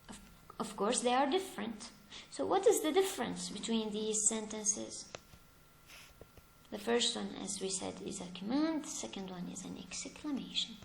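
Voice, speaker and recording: A woman's voice: a little high, moderate pace, gravelly, slight background noise. A woman teaching English grammar, asking her class questions and answering them herself as she explains each example. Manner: lively, stresses examples with rising emphasis. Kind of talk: slow, deliberate classroom explanation. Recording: echoey room.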